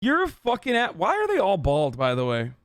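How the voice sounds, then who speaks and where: A young man in casual reaction commentary, profane and incredulous, sneering at what he watches. His voice sits high and comes through smooth and resonant. The recording is close and dry, with no room sound. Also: wildly swooping pitch, a little fast, dry recording. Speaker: streamer reacting to a TV show.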